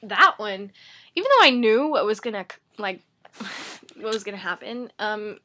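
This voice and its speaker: A woman's voice: medium pitch, expressive, moderate pace, sharp tone. A woman book vlogger talking casually to camera from her bedroom, rambling and chatty, with lots of "like" and "um".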